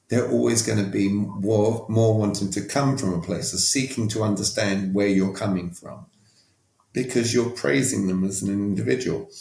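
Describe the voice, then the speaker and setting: Low-voiced man coaching in an echoey room. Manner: emphatic, coaching tone with rhetorical check-ins. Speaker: podcast guest. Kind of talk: conversational interview.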